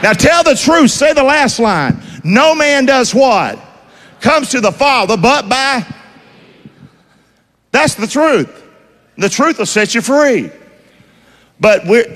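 A man's voice: very high voice, very animated, slow pace, pauses often, fairly bright tone, in a large hall. A man preaching a sermon in a call-and-response style, firing questions for the congregation to answer. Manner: call-and-response preaching, asks the crowd to finish lines.

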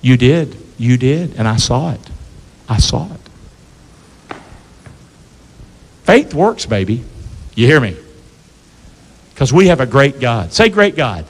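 A man preaching a sermon to his church in call-and-response style, asking the congregation to answer back and swinging between loud calls and low asides. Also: big pitch swings, slow, long pauses, in a large hall, low-quality recording. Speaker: pastor. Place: church sanctuary.

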